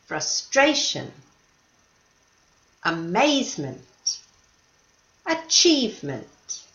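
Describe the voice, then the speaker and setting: A woman teaching an English lesson, speaking slowly and clearly and patiently stressing syllables. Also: medium pitch, fairly bright tone, echoey room, highs cut off.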